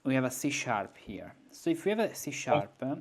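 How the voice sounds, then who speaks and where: A man's voice: mid-range voice, very animated, normal speed. A male music teacher giving an informal composition lesson, thinking aloud and humming melodies on nonsense syllables.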